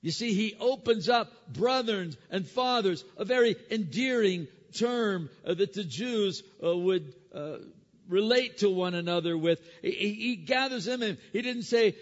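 A male pastor tells a Bible story as a sermon, in a fairly high voice and an animated storytelling manner. He often trips over his words and repeats them as he goes. The recording sounds muffled and lo-fi, with a long reverb from a large hall. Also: moderate pace.

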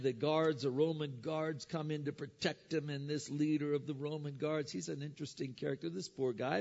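A man preaching a sermon, retelling a Bible story with animated storytelling and frequent stumbling repeats. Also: on the high side, in a large hall, highs cut off. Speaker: pastor.

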